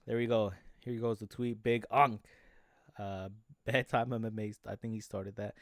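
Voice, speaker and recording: A man's voice: fairly low pitch, steady tone, normal speed, creaky, no room sound, clean studio sound. A man talking casually about fight news in a rambling way, full of restarts and fillers. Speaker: MMA commentary YouTuber. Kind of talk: casual talk.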